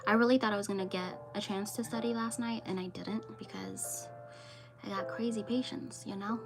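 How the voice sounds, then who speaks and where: A woman's voice: mid-range voice, fairly even intonation, normal speed, music in the background. A young woman chatting casually on a home livestream, rambling with lots of fillers. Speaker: streamer. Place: home room with dogs.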